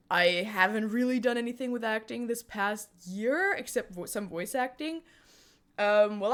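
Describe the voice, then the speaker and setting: A woman's voice: medium pitch, fairly bright tone. Giggly young woman streamer chatting. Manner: giggly, chatty, answers chat with frequent laughter. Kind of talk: casual live-stream chat.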